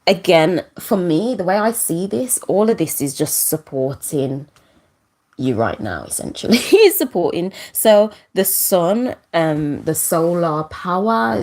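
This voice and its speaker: Rambling, emotional woman, slightly low voice. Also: a little mellow. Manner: rambling, with many fillers and restarts; emotional and close to tears. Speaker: astrology channel host. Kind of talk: casual live astrology talk. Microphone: camera.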